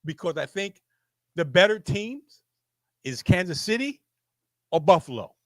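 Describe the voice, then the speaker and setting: A man's voice: high-pitched, animated, a little slow, no echo. A man hosting a sports show, arguing heatedly, repeating himself and restarting his sentences. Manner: insistent, repetitive, stammering restarts. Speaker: show host. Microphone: facing a camera.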